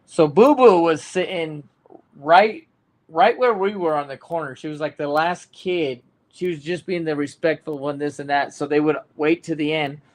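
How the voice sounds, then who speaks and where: A man hosting a casual sports podcast, telling a story in an animated way with plenty of fillers. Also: on the high side, moderate pace. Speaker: podcast host.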